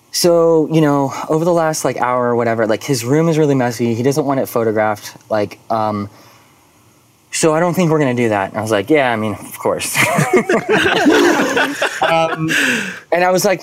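A man casually telling a story about his work as a photographer, animated and full of filler words, acting out quoted dialogue. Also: medium pitch, no echo.

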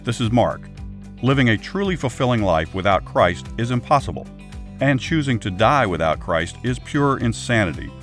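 A man hosting a podcast, giving a steady, earnest scripted Bible story narration. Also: mid-range voice, normal speed, faint music behind. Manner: steady, plain, earnest reading.

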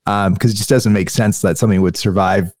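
Low-voiced man in casual podcast chat. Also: steady tone, darkish tone, no echo, clean studio sound. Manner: drawn-out, wondering, full of fillers. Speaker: podcast co-host.

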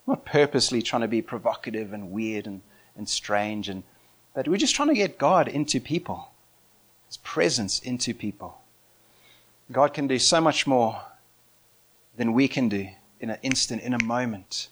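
A man preaching and telling a story with excitement. He laughs often and swings between quiet and loud. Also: medium pitch, moderate pace. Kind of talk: animated storytelling sermon.

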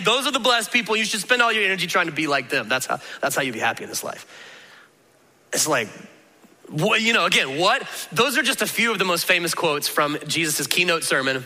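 Animated preacher in a reverberant hall. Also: male voice, on the high side, fairly quick. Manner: animated, conversational, acts out voices of listeners. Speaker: pastor. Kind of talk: sermon.

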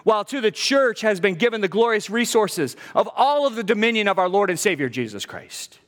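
Man, middle-aged pastor, sermon, high voice, emphatic, rhetorical questions, long reverb. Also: sing-song, brisk, a bit bright. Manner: emphatic preaching with humor, rhetorical questions to the congregation. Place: church sanctuary.

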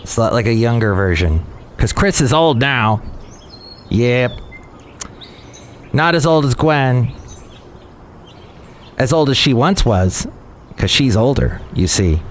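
A man hosting a podcast who rambles through his thoughts at a slow, unhurried pace. He wanders off track and corrects himself mid-sentence. His pitch sits in an ordinary middle range. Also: animated, a little hiss or hum. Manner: meandering, self-correcting, chatty. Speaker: podcast host. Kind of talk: casual rambling chat.

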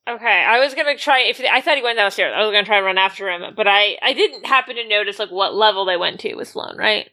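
A woman's voice: mid-range voice, fast, sharp tone. A woman playing in a tabletop game who asks questions and thinks aloud about her next move. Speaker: tabletop player.

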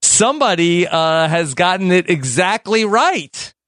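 A man hosting a mock game show over a video call, with a pitch that jumps all over the place. He rambles along, full of uhs and restarts. The sound is dry and close, with no room in it. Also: big pitch swings, unhurried, a bit bright, no echo. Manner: rambling, filler-heavy hosting.

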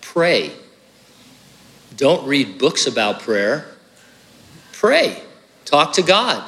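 A man's voice: mid-range voice, very animated, a little slow, pushed and bright, long reverb tail. A man preaching a sermon as pastor, earnest and conversational, with hiccups and casual asides.

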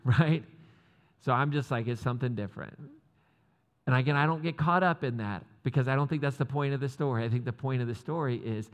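A man's voice: medium pitch, fast. Casual preaching man in a reverberant hall. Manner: casual, joking asides with laughs. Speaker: pastor. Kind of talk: sermon.

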